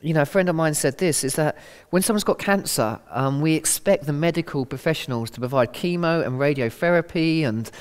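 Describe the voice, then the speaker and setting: A man's voice: fairly high pitch, a little fast, smooth, in a large hall. A middle-aged man giving a conversational, earnest sermon talk, acting out quotes as he goes. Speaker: Christian speaker.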